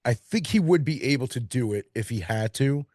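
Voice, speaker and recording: A man from Queens with a New York accent, co-hosting a casual film podcast and talking in long animated run-on stretches. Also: medium pitch, fairly quick, no echo, clean studio sound. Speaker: podcast co-host. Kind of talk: casual chat.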